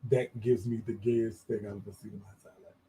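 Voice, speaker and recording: A man hosting a casual livestream gossip show, animated and camp, chatting directly to his viewers. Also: on the low side, fast talker, noisy background. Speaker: show host.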